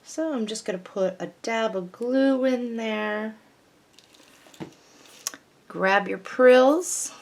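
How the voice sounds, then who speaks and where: A woman's voice: fairly high pitch, slow, long pauses. A woman hosting a craft tutorial, patiently talking through each step of a paper flower project as she works.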